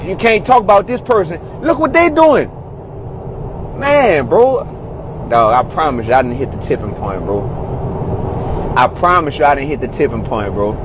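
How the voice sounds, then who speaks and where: Brief: exasperated male ranter in a car, high voice that swings widely, repetitive and heated. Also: big pitch swings, moderate pace, pauses often, noisy background. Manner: exasperated, repeats "God, dog, bro". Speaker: commentator in a social media video. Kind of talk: heated rant.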